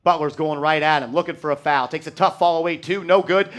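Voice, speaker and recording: A man calls the game play-by-play for a fan live stream, his voice sitting a touch high. He runs through the action quickly and flares into shouting and swearing when the team blows a play. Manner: excitable, shouts and swears at bad plays.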